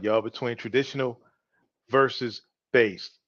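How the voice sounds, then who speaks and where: A man's voice: mid-range voice, lively intonation, moderate pace, no room sound. A man hosting an opinion show, talking loosely and with swagger straight to his listeners. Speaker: podcast host. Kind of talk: casual opinion talk. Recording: dry, dull lo-fi home mic.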